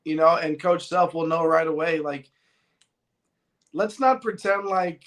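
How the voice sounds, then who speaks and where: Rambling man with a higher voice. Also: unhurried, a bit bright. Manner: rambling, self-correcting. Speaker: podcast co-host. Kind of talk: casual sports chat.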